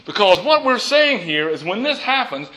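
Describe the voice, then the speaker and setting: A middle-aged man delivering a sermon as a pastor, emphatic and often laughing. His voice sits high, swoops widely in pitch and has a bright, forceful edge. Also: normal speed, rough recording. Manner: lively, chuckling and emphatic.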